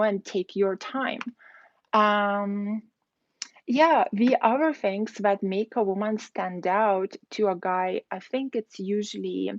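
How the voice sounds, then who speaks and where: A woman's voice: mid-range voice, darkish tone, dry recording, lo-fi sound. A woman streaming live, giving blunt dating advice in a chatty, casual way, full of "like" and "you know". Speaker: dating coach. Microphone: phone.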